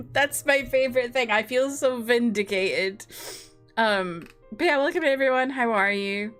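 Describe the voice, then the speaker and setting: Streamer: young Scottish woman, higher-pitched, casual chatty delivery with faint music behind. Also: unhurried. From Scotland. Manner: chatty, laughing, swearing casually while greeting chat. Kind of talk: casual livestream chat. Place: home room.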